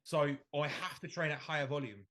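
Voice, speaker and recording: Brief: male personal trainer, lively anecdotes, slightly high pitch. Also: brisk. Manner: animated storyteller, acts out his clients. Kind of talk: casual podcast chat.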